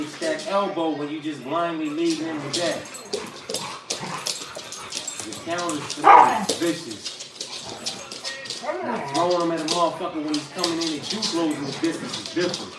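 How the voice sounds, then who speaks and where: A man hosting a live stream, giving casual, profane fight commentary and yelling coaching at the screen. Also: on the high side, a little fast, heavy background noise. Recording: echoey room, distant mic, music behind.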